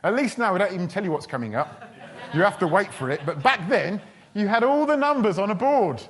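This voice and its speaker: A man's voice: high voice, lively intonation, a little fast, fairly bright tone. A man preaching a sermon in a chatty, humorous storytelling way. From England. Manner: chatty, humorous, with quoted voices.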